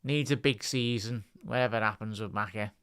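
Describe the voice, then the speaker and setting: A man's voice: lowish voice, normal speed, a bit bright, smooth. A man with a Scouse accent giving casual live match commentary on a stream, chatting to his viewers and calling them lad and chat. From Liverpool, England.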